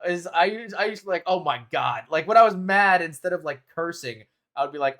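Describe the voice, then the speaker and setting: Male game streamer, casual chat with viewers, animated pitch, laughs a lot, swears, playfully defensive. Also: fairly quick, hardly any pauses.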